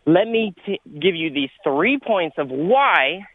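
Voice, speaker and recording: Man, sports radio caller, breathless, lively swooping pitch, argumentative. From California. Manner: animated, argumentative, rapid points. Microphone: phone. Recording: tinny phone line.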